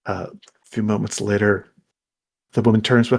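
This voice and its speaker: Husky-voiced man running a tabletop game. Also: on the low side, little pitch movement, darkish tone. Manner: halting, full of fillers and restarts. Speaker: game master.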